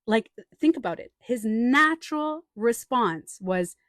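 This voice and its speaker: Her voice is on the high side and brisk, captured in studio quality without echo. She's a life coach and author on a live stream, chatting animatedly, acting out quotes in her stories, and responding to the chat.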